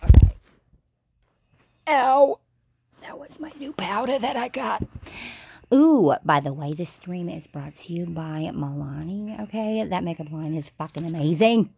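A tipsy woman hosting a comedic tarot reading stream, rambling and swearing in a jokey deadpan way. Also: on the low side, unhurried, creaky, breathy edge. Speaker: host.

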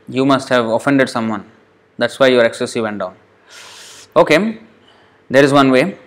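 A man delivering a devotional sermon at a middle pitch. He tells a story with many rhetorical questions and restarts. At times he turns scolding and emphatic. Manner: scolding, emphatic tone when addressing the mind. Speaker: preacher.

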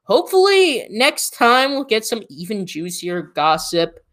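A woman co-hosting a casual gaming podcast, animated and swearing freely as she rants. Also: fairly high pitch, measured pace. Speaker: podcast co-host.

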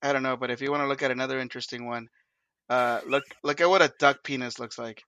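A man's voice: medium pitch, steady tone, quick pace, sharp tone, no echo. A young man in crude, laughing podcast banter, sounding congested. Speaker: podcast co-host. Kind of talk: casual podcast chat.

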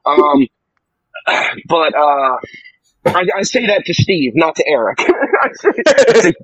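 A man's voice: a little high, sing-song, slow pace, long pauses, fairly bright tone, no echo, muffled recording. A man playing a tabletop game, telling what his character did in a rambling, joking way, often correcting himself. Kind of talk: casual actual-play chat.

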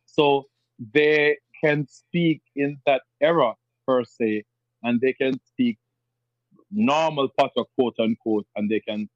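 A man from rural Jamaica speaks with a Jamaican accent at a medium pitch and slow pace, with no room sound. He's a podcast guest in a casual interview chat, talking animatedly and often repeating himself as he explains. The recording has a dull, lo-fi sound.

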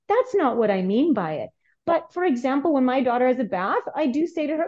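A middle-aged woman speaking as a therapist guest on a podcast, explaining earnestly and growing animated when telling stories. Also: high-pitched, brisk, lo-fi sound. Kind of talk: podcast interview.

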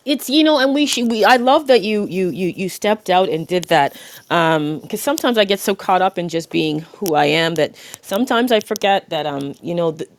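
A woman's voice: lowish voice, animated, moderate pace. A woman hosting a podcast in casual chat, candid and reflective, laughing easily and often restarting her sentences. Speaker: podcast host.

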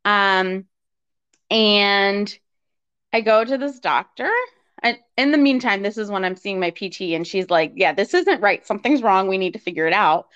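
A woman's voice: medium pitch, lively intonation, normal speed, a bit bright, clear, resonant tone. A woman as a guest, telling a personal story in conversation and acting out quoted dialogue with lots of fillers. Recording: slightly dull lo-fi recording.

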